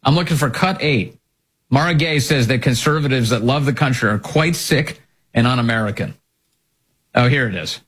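A man's voice: mid-range voice, normal speed, a bit bright, breathy edge. A male host delivering opinionated commentary, indignant and firing off rhetorical questions.

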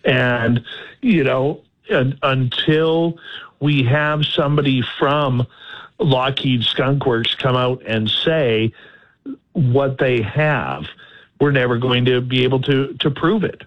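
A man's voice: mid-range voice, slow. A male podcast host talking in an earnest, emphatic way and posing questions. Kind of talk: casual conversation. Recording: slightly dull audio.

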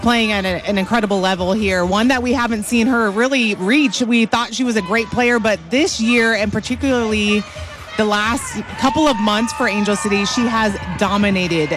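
A woman's voice: medium pitch, normal speed, fairly bright tone, faint music behind. A woman co-hosting halftime radio analysis from a stadium booth, conversational and thinking aloud. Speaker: radio co-host.

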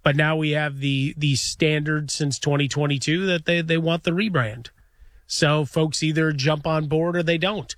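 A man's voice: a little high, fairly even intonation, normal speed, a bit bright, no echo. A man co-hosting a sports radio show from a studio, talking in a wry, opinionated way full of idioms. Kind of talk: casual radio banter.

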